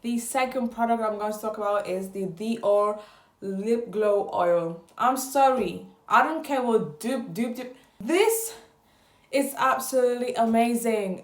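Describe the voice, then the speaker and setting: A woman's voice: fairly high pitch, steady tone, measured pace, echoey room. Gushing woman reviewing beauty products. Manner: gushing, repeats words for emphasis. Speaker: beauty vlogger.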